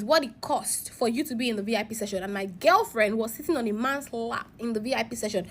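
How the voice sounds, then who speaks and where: A woman narrating a story-time letter with a fairly high voice. She is animated, dropping to hushed asides and then jumping up loud at the big moments.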